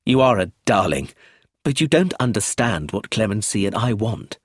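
A man's voice: fairly low pitch, big pitch swings, moderate pace, husky, no room sound, studio quality. A man voicing an affectionate, easygoing middle-aged man in a storybook reading. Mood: fond. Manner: warm, fond.

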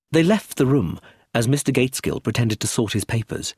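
A man reading a story aloud as narrator, in a scripted narration style with a husky voice. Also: medium pitch, big pitch swings, a little fast, darkish tone, no room sound. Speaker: audiobook narrator.

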